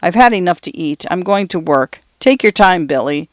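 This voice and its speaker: A man reading aloud as an irritable father in a storybook, short-tempered and defensive, his sentences clipped and hurried. The voice is slightly high and recorded close and dry. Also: animated, dry recording. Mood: stiff.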